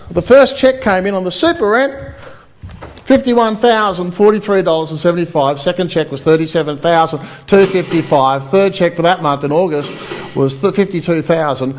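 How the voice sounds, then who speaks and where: A man delivers a seminar pitch with lots of energy. His voice sits high for a man, and he keeps throwing questions at the crowd. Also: a little hiss or hum. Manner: animated, addresses the crowd with rhetorical questions. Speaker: seminar speaker. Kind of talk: property seminar pitch to a live audience.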